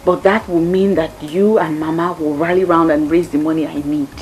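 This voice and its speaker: A woman's voice: low-pitched, steady tone, normal speed, a little mellow, a little hiss or hum, natural voice, rough recording. A woman plays an earnest daughter reasoning with her parents. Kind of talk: film drama acting.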